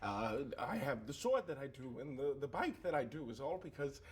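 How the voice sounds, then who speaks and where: A man's voice: mid-range voice, big pitch swings, moderate pace, breathy edge. A man playing a tabletop game, ranting in a wound-up way to the others at the table.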